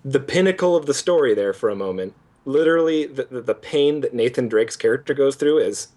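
Young male podcast co-host, animated game critic, mocks lines in silly voices. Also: medium pitch, fairly quick, hardly any pauses. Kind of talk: casual game review chat.

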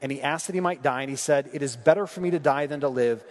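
A man's voice: medium pitch, quick pace. A man preaching a sermon in a conversational way, reading scripture and asking the congregation questions. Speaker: pastor. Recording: long hall reverb.

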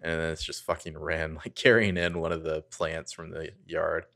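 A man's voice: rumbling low, completely flat delivery, normal speed, vocal fry, bright, forceful tone. A man co-hosting a podcast in casual chat, wry and sardonic, swearing casually. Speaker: podcast co-host.

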